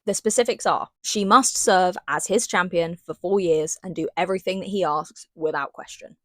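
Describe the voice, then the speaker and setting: A young woman giving a casual book review vlog, chatty and animated, with dramatic asides. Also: on the low side, normal speed, dry recording.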